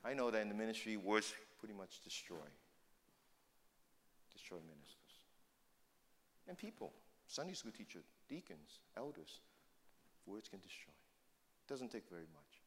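An older man preaching a sermon as a pastor, shifting between loud emphatic points and quiet asides. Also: on the low side, very animated, moderate pace, long pauses, long reverb tail.

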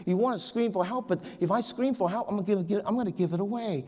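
A man's voice: high-pitched, quick pace, darkish tone, pitched above the performer's own voice. A man voicing a frightened young man stuck in a gorilla suit, asking frantic questions, with long hall reverb. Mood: panicked.

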